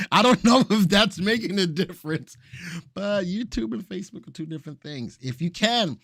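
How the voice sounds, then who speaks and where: Animated male live-stream host. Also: high voice, unhurried, creaky, no room sound, studio quality. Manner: animated, reads viewer comments aloud. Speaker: market show co-host. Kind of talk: casual live-stream chat.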